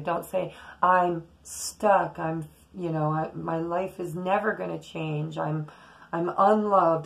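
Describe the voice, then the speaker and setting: A woman with a slightly low, gravelly voice reads tarot cards for her viewers. She talks in a loose, chatty way, drifting from thought to thought as her intuitions come to her. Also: a bit bright, low-quality recording. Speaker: tarot reader. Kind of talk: casual daily tarot reading to camera.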